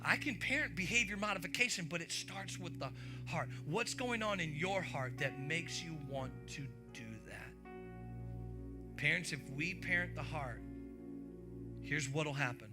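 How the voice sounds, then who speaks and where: High-pitched guy preaching, super lively, music playing under him. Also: unhurried. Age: young adult to middle-aged. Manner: animated, playful, asks the congregation questions. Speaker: pastor. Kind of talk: sermon.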